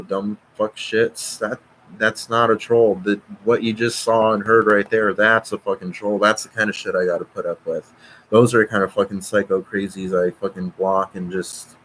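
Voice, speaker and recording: Profane, agitated low-voiced man streaming. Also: a bit bright, slight background noise, low-quality recording. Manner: profane, agitated, reads viewer comments aloud. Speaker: live stream host. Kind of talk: live stream chat reading. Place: at home.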